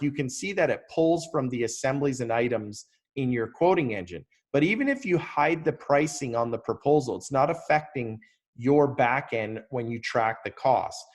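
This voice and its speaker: A man casually walking through software on a screen share, talking loosely with fillers and restarts. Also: medium pitch. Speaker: software tutorial presenter.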